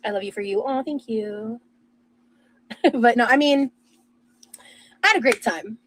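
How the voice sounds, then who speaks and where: High-voiced woman telling a rambling story. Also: unhurried, low-quality recording. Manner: rambling, animated, lots of fillers and restarts. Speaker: streamer and podcast host. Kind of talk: casual storytelling chat.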